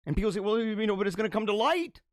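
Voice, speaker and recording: Male host, fervent preachy delivery with big loud-soft swings, somewhat high voice. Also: expressive, racing, no echo, clean studio sound. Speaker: host of a live religious show. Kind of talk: impassioned live-stream monologue.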